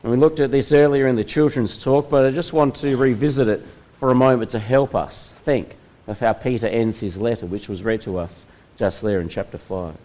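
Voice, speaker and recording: A man preaching a sermon, retelling a Bible story in a measured way with slow, dramatic pauses. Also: medium pitch, fairly even intonation, mellow, poor audio. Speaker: pastor.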